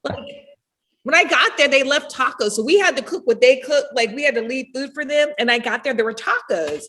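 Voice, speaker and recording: As a guest on a podcast, a high-pitched middle-aged woman tells stories in a brisk, casual way, animated and often laughing as she acts out what people said. A little hiss or hum sits under the recording.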